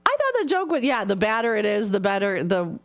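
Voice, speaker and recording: A woman's voice: medium pitch, sing-song, brisk, clean tone. Good-humored female radio co-host. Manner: good-humored, self-deprecating, laughs easily. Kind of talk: casual radio banter. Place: radio studio.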